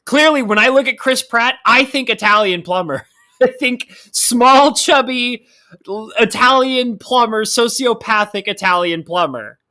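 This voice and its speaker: A woman's voice: a little high, measured pace, bright, forceful tone. A woman co-hosting a podcast in casual chat, giggly and playfully sarcastic. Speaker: podcast co-host.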